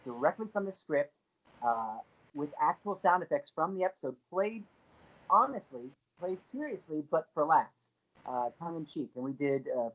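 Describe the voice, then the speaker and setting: A man guest on a podcast, telling an anecdote in a lively way and laughing along as he goes. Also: mid-range voice, narrow, tinny audio. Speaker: guest, actor.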